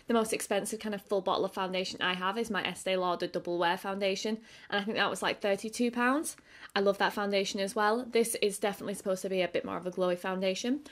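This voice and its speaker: A young woman vlogging a casual makeup review, chatty and full of fillers. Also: mid-range voice. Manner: chatty, filler-heavy with frequent "like"; quieter and tired while applying makeup. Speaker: beauty vlogger.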